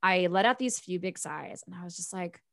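A woman's voice: lowish voice, a little fast, creaky, no echo, studio quality. Chatty woman telling a story. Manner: chatty and animated, with laughs and self-talk asides. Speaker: podcast co-host. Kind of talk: casual conversational storytelling.

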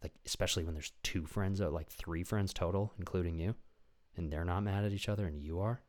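A man's voice: low voice, a little fast. A young man hosting a podcast in a casual, rambling comedic monologue, swearing freely and acting out voices of people in his stories. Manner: rambling, animated, swears a lot, acts out voices. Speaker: podcast host.

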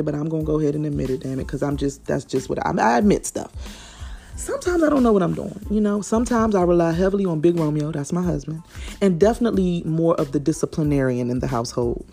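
A woman in her thirties tells parenting stories in a relaxed, chatty monologue. Her voice sits low, with a dark, husky tone. She keeps talking straight to her listeners and jumps into the voices of her kids, with faint music playing underneath. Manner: animated, addresses listeners as y'all, repeats words, acts out quotes. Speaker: mother telling parenting stories. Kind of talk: casual storytelling monologue.

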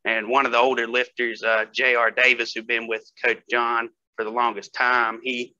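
Bright-voiced man telling gym stories. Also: medium pitch, little pitch movement, moderate pace, muffled recording. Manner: storytelling, laughs often, hesitant fillers. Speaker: guest strength athlete. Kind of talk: casual podcast chat.

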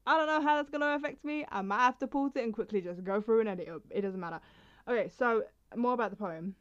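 A woman's voice: a little high, fast talker, clear, resonant tone. Rambling young woman poetry vlogger. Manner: rambling, chatty, self-interrupting. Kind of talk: casual chat and poetry reading. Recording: slightly dull lo-fi sound.

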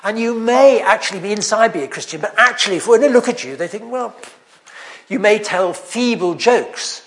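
A man's voice: high-pitched, lively intonation, moderate pace, a bit bright. A man preaching a sermon, telling stories in a chatty, anecdotal way with self-deprecating humour. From England.

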